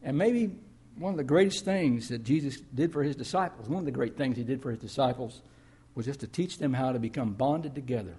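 Husky-voiced preaching man. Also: mid-range voice, warm tone. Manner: storytelling, conversational preaching with emphatic rises. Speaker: pastor. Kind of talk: sermon.

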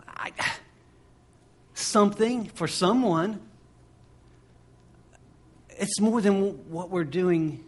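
A man's voice: on the high side, husky. A man preaching a sermon, impassioned and building through repeated phrases. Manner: impassioned, driving repetition.

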